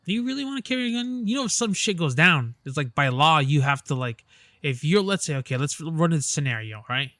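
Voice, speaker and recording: A man's voice: a little high, animated, brisk, bright, forceful tone, dry recording, studio quality. A man co-hosting a podcast, chatting casually in a rambling, hesitant way, spinning out what-if scenarios. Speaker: podcast co-host. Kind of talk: casual chat.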